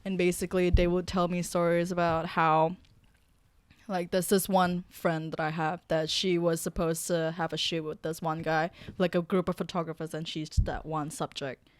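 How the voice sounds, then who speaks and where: Woman from Malaysia, lowish voice, dry sound, candid and chatty. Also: level tone, moderate pace, dry recording. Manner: candid, laughs often. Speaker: photographer, guest. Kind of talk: casual chat.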